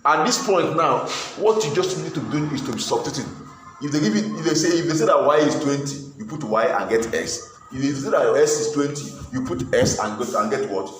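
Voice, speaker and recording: A man's voice: on the high side, expressive, brisk, fairly bright tone, soft background music. Stern man drilling a pupil, echoey room. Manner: stern, drilling, repeats questions. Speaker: math tutor. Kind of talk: one-on-one math tutoring.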